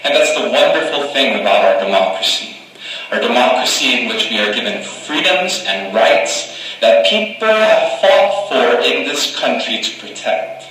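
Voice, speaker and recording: A man's voice: medium pitch, expressive, moderate pace, fairly bright tone. A man from Guam giving an earnest, oratorical campaign speech at a forum in a hall, heard from far off. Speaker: political candidate. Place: hall at a community college forum.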